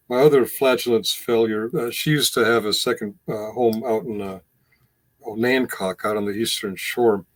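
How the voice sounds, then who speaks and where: A man hosting a casual chat, telling candid anecdotes and laughing often. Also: medium pitch. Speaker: host.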